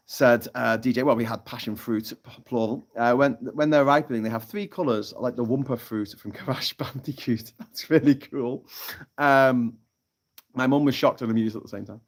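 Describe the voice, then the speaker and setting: A male stream host lounges in a hammock on an off-grid tropical island, reading out chat comments in a casual live stream. He talks briskly at a medium pitch. He's a sweary, chatty joke-teller who laughs a lot.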